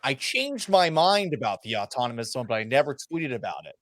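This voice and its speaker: A man who hosts sports radio, telling stories in a casual interview with a self-deprecating, profane, animated manner. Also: medium pitch, a little fast, no echo. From Massachusetts. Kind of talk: casual storytelling in a podcast interview.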